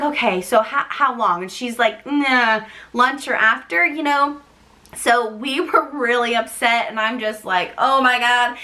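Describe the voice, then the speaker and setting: A young woman vlogger telling a long personal story in a chatty, animated way, acting out what others said. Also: fairly high pitch. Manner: chatty, animated, acts out quoted voices. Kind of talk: casual storytelling to camera.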